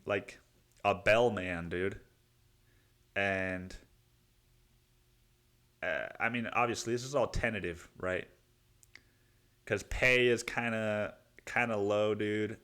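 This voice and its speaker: A young man with a low-pitched voice talks through a casual solo podcast monologue. He rambles, swears freely and mocks himself as he goes. He keeps calling the listener "dude" and "man". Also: a bit bright. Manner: rambling, profane, self-mocking, says "dude" and "man" a lot. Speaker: podcast host.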